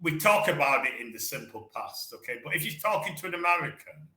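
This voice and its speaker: A man with a Manchester accent teaching English over a casual online call. His voice is very bright and forceful, and the room around him rings with a roomy echo. He chats freely and repeats words slowly to show how they sound. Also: a little high, expressive. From England. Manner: chatty, repeats words, models pronunciation.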